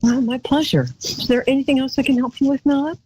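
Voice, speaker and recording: A woman's voice: sits high, steady tone, fast talker, a crowd in the background, low-quality recording. A woman hosting a live call-in psychic show, chatty and rambling, calling her callers darling.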